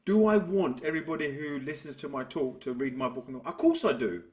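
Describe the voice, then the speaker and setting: A man's voice: a little high, a little fast, darkish tone. Reflective man coaching. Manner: reflective, tells stories to make a point. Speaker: business coach, guest. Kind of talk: conversational interview.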